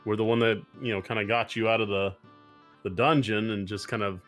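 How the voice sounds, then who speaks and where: A man's voice: fairly low pitch, steady tone, a little fast, fairly bright tone, faint music behind. A man playing a tabletop game, speaking in character with a hesitant, stammering manner. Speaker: player. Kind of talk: casual role-play chat.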